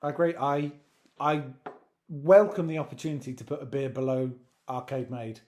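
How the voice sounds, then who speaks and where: A man's voice: mid-range voice, normal speed, a little mellow, slight background noise. A man co-hosting a casual chat, rambling and correcting himself as he jokes along. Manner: rambling, self-correcting, jokey. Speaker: co-host.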